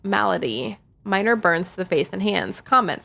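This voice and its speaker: A woman's voice: medium pitch, normal speed, vocal fry, hardly any pauses, bright, forceful tone. A woman streaming a game, chatting casually and reading in-game notes aloud. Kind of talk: casual gameplay commentary.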